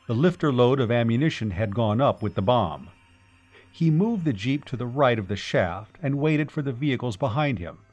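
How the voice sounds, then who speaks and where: A man narrates a science fiction audiobook at a mid-range pitch, keeping a steady and even storytelling pace. Faint music plays quietly beneath his voice.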